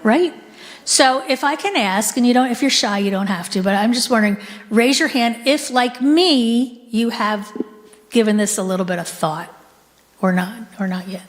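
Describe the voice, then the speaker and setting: A woman's voice: fairly high pitch, normal speed. Woman speaker in a reverberant hall. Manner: conversational, engages the audience with questions. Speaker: guest speaker. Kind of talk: talk to a live audience. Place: synagogue hall. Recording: long hall reverb from a live room.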